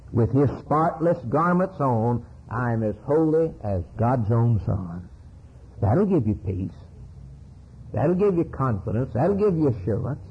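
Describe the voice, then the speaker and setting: A man preaching a sermon with fervent, rhythmic delivery and sweeping rises and falls in pitch. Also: husky. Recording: dull lo-fi sermon recording.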